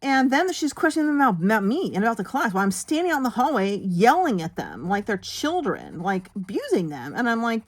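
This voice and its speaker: A woman hosting a coloring video, telling a long, animated story full of fillers and acted-out quotes. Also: on the high side, moderate pace. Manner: drops to a whisper for asides while working. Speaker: coloring channel host. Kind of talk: chatty storytelling while coloring.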